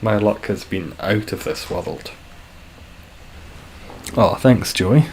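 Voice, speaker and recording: A man chatting casually and dryly while live-streaming a game, describing his own voice as monotone. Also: on the low side, slow, slight background noise. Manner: dry, self-deprecating, calls his voice monotone.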